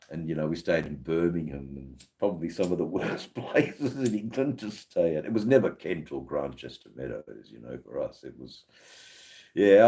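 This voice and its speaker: A man's voice: a bass voice, a little mellow. An Australian man hosting a live stream, chatting casually with viewers in a rambling way full of fillers and restarts. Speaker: livestream host.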